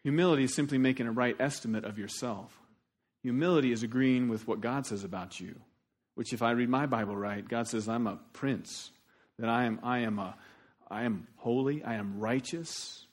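A man preaching a sermon as pastor, animated and shifting between loud emphasis and quiet asides. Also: mid-range voice, moderate pace.

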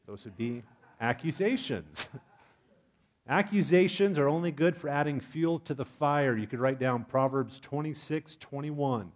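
A man preaching a sermon in a lively, humorous way, asking his congregation questions. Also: on the high side, a little slow. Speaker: pastor.

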